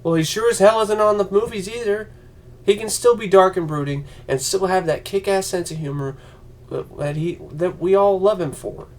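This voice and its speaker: A man's voice: sits high, moderate pace, a little mellow. A man ranting on a vlog, profane and heated, slipping into mocking voices. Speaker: vlogger.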